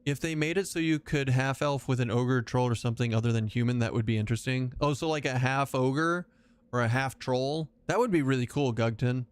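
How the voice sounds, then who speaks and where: A man with a clear, resonant, medium-pitched voice talks fairly quickly while live-streaming a game. He chats loosely with viewers, joking, swearing casually, and rambling from one aside to another.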